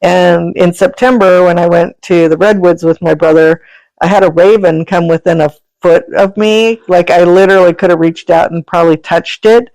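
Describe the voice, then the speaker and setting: Chatty and rambling, a woman recounts animal stories on a podcast, laughing frequently; she is an energy healer and runs an animal sanctuary. Her voice is lowish, steady and darkish, at normal speed. The audio has no echo but is poor.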